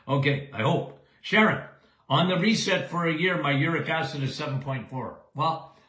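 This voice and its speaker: A man's voice: on the high side, lively intonation, moderate pace, pushed and bright, echoey room. An older man hosting a live Q&A show as a doctor answering listener questions, folksy and emphatic, often checking in with "okay?".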